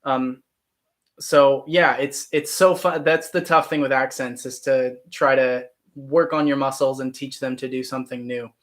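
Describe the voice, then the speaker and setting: A man's voice: medium pitch, steady tone, unhurried, fairly bright tone. A man in his twenties, an actor and channel host, chatting casually on a live stream and answering viewer comments. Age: 20s.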